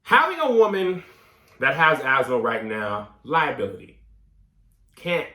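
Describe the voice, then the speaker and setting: A man hosting a comedic advice show, reading listener letters aloud and reacting in a mock-serious, animated way. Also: mid-range voice, unhurried, long pauses, roomy sound. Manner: animated, mock-serious, coughing fits as a bit.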